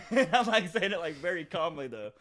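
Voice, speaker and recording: A man's voice: on the high side, sing-song, fairly bright tone. A young man, a podcast co-host, telling a rambling story in casual chat with lots of fillers. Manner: rambling, fast, many fillers and acted quotes.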